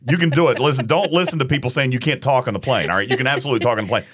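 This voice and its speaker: A man co-hosting a podcast, talking in an emphatic, animated way and often repeating words as he argues a point. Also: medium pitch, very fast, slightly rough. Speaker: podcast co-host. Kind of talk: casual debate chat.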